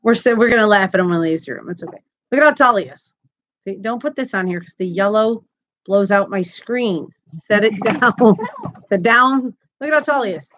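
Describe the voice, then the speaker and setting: A woman's voice: mid-range voice, expressive, brisk, fairly bright tone, dull audio. A woman in her thirties hosting a live crochet stream from home, chatty and giggly as she reads viewer comments aloud. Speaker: crochet channel host. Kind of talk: casual live-stream chat.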